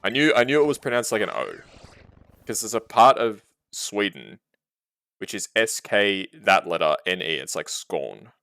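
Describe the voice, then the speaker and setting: A man's voice: lowish voice, big pitch swings, normal speed, a bit bright, dry recording, soft background music. A young Australian man, a streamer casually chatting with his live chat while gaming, reading messages aloud and laughing often.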